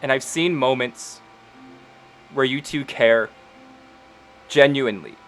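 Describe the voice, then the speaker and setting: A man's voice: medium pitch, fairly bright tone, a little hiss or hum. A man voicing a tearful young woman who pleads with a friend and swears as her voice rises. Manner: pleading and swearing, voice rising in urgency.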